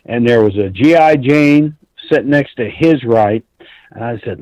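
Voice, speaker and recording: A man's voice: medium pitch, animated, normal speed, darkish tone, no echo, dull audio. A man calling in to a talk show, telling a long story in an intense, rambling way and swearing often. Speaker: caller.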